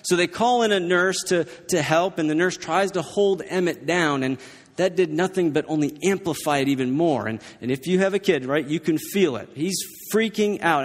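A man's voice: fairly high pitch, big-room sound. A male pastor preaching a sermon, telling a personal story in a conversational way and often checking in with the congregation. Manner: conversational, keeps checking in with the listeners.

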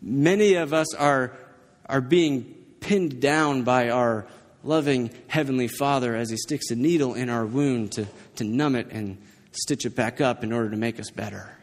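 A man's voice: medium pitch, normal speed, big-room sound. A male pastor preaching a sermon, telling a personal story in a conversational way and often checking in with the congregation. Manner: conversational, keeps checking in with the listeners.

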